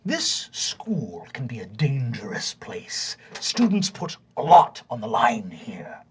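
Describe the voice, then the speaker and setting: A man voicing a stern, pompous male vice principal in a tabletop game, lecturing in a hushed, menacing tone. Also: mid-range voice, huge pitch swings, slow pace, a little hiss or hum.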